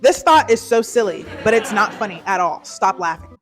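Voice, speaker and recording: A young woman vlogger in casual ranting chat, animated, dramatic and rambling. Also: medium pitch, a little fast, over music. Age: young adult.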